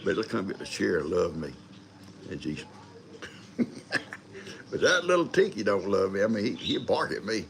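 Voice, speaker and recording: Gravelly older man chatting folksy. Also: on the low side, sing-song, a little slow, long pauses, fairly bright tone, slight background noise. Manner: rambling, folksy, greets viewers by name. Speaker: livestream host. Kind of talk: casual live chat.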